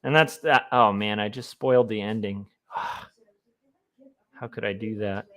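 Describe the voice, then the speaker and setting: A man's voice: on the low side, fairly even intonation, measured pace, a bit bright. A man, a comic artist, chatting casually on a livestream in a rambling, self-amused way. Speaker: comic artist streaming his work.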